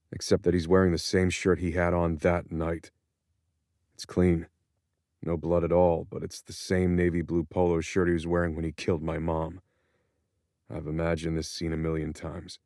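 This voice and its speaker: Deep-voiced man narrating an audiobook. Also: level tone, a little mellow, dry recording, studio quality. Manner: measured, introspective storytelling. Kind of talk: first-person audiobook narration.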